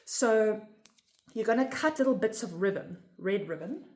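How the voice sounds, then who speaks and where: A woman's voice: mid-range voice, expressive, a little slow, darkish tone. A woman explaining a home ritual in a casual, earnest way, often checking in with "right?". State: emotional, near tears. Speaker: spiritual teacher. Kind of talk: casual instructional talk. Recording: echoey room.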